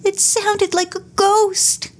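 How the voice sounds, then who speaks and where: A woman's voice: very high-pitched, level tone, slow, voice pushed up. A woman voicing a frail, timid young woman who speaks in a trembling, breathless way. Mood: frightened.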